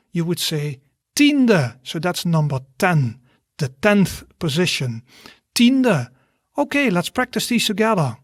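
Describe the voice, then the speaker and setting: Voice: mid-range voice, no room sound, studio quality. A language teacher, giving an online lesson and patiently encouraging learners to repeat words after them.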